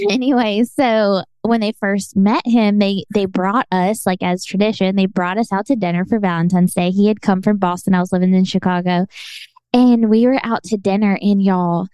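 A young woman co-hosting a podcast, spinning a story with lots of "like" and quick laughs. Her pitch stays in a middle range, and the sound is dry and close to the mic. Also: clear, resonant tone, no echo. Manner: animated, laughing, filler-heavy storytelling. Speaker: podcast co-host. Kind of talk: casual storytelling chat.

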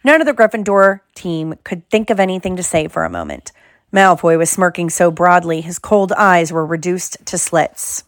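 A woman reading a novel aloud in measured scripted narration, close to the mic. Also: lowish voice, big pitch swings, dry recording. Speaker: audiobook reader.

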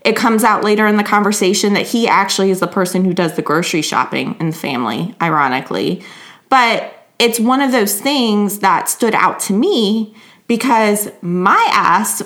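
A woman's voice: medium pitch, fairly bright tone. Woman host, casual monologue, blunt and profane, laughs between points. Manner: frank, profane, laughs often.

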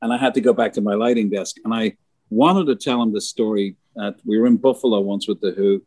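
A man's voice: on the low side, fairly quick, a little mellow, husky, no room sound. A middle-aged man, a concert lighting designer, telling rambling backstage stories in casual conversation and swearing freely. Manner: rambling, swears freely, acts out others' lines.

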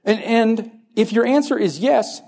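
A man preaching a sermon as pastor, animated, acting out the voices of doubters and of Jesus. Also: sits high, a little slow, vocal fry.

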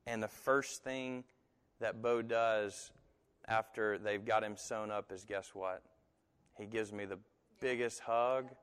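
A man preaching a sermon who tells stories in an animated way and slips into other people's voices when he quotes them. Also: lowish voice, clear, resonant tone, long reverb tail. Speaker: pastor.

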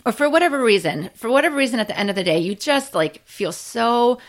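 A woman nurse educator teaching in a casual, conversational way, often checking in with "right?" and stressing points with lively emphasis. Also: a little high, fast. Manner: conversational, frequent "right?" and "you know" tags.

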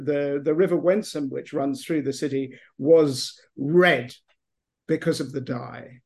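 A middle-aged man with an English accent, speaking in a fairly high voice for a man. He rambles in long, winding answers, full of restarts and fillers, as a podcast guest. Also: darkish tone. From England. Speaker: author guest. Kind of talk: podcast interview.

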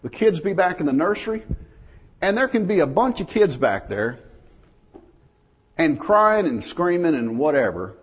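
A man's voice: fairly high pitch, sing-song, moderate pace, pauses often, slightly rough. A man preaching a folksy sermon, telling stories to his congregation. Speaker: pastor.

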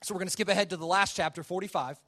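Male preacher with a high voice, casual storyteller who acts out the quoted lines. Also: fairly even intonation, racing, fairly bright tone. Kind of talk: sermon retelling a scripture story.

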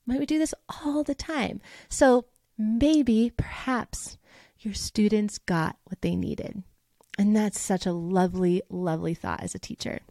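A woman's voice: mid-range voice, measured pace, mellow, no room sound, clean studio sound. A woman hosting a podcast as a voice teacher, talking in a casual, upbeat and motivational way and acting out the thoughts she quotes. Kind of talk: casual solo podcast talk.

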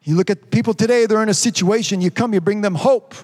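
A man's voice: high voice, fast, darkish tone, in a large hall. A man preaching a sermon as pastor, calling out to the congregation and asking rhetorical questions. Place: church.

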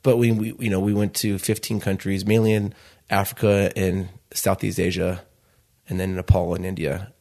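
A man's voice: sits low, level tone, moderate pace, warm tone. A man in his thirties from Chicago, a restaurant owner telling his story in an interview, rambling loosely and acting out the dialogue he quotes. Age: 30s.

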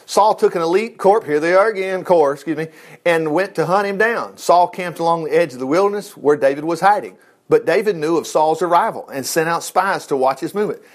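A man preaching a sermon, reading scripture aloud and breaking in with animated, jokey asides. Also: on the high side.

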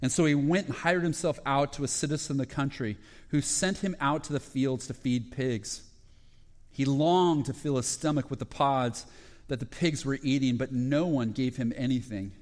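A man preaching a sermon, retelling parables in short phrases with fillers and restarts and growing excited at the high points. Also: moderate pace. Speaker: pastor.

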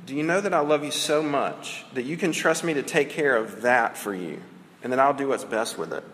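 A man's voice: mid-range voice, fairly bright tone, slight background noise. Conversational preacher man in an echoing hall. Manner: conversational, leaning on "right?" tags; slows down to stress key phrases. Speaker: pastor. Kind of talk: sermon. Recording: long hall reverb with faint ambience.

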